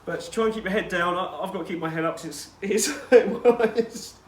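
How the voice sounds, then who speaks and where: A man's voice: high voice, brisk, slight background noise. A man coaching a workout outdoors, chatty and instructive with personal asides. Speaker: fitness coach.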